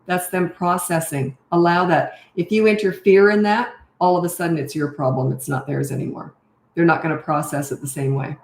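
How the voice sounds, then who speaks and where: A woman's voice: fairly low pitch, steady tone, a little fast, roomy sound. Chatty older woman, parenting coach. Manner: casual, chatty, direct, many fillers. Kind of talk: live Q&A, reading and answering comments.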